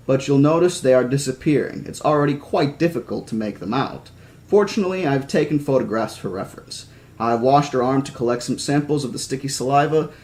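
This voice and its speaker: A composed male doctor from a read-aloud novel speaks in a formal, careful way, as a man voices him. His tone stays measured and steady. The pitch sits in an ordinary middle range. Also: natural voice.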